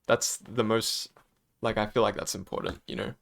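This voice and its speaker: A man's voice: fairly low pitch, little pitch movement, normal speed, gravelly, a bit bright. A young man giving an unscripted opinion vlog about a game, hesitant and apologetic, stammering often and using many fillers. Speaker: gaming YouTuber.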